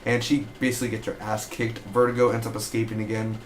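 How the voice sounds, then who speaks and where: A man giving a casual, excitable spoken review of a TV episode, rambling with fillers as he recaps. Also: lowish voice, quick pace, a little hiss or hum.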